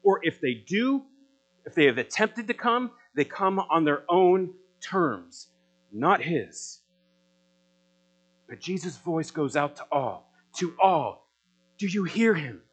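A man with a somewhat high voice preaches a sermon at an unhurried pace. He swells into loud, rising appeals, then drops low and quiet to press searching questions. A faint electrical hum runs underneath. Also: sing-song, poor audio. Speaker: pastor.

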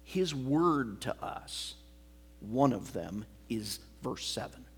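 A man preaching an expository sermon as pastor, explaining a passage line by line in a measured teaching manner. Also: mid-range voice, lively intonation, breathy edge.

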